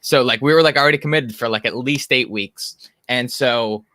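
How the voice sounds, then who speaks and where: Bright dry-sounding Philly sports guest. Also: male voice, medium pitch, normal speed, no echo. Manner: laid-back storytelling, laughs often. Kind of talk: casual sports talk.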